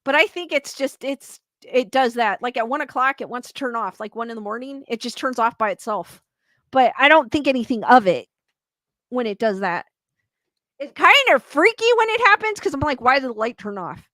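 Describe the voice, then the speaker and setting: A woman with a high, bright, sharp voice chats casually as a stream host, reading out comments and breaking into frequent laughs. The sound is close and dry, with no room around it. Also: lively intonation, normal speed, no echo. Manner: chatty, laughs often, reads comments aloud. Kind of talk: casual chat.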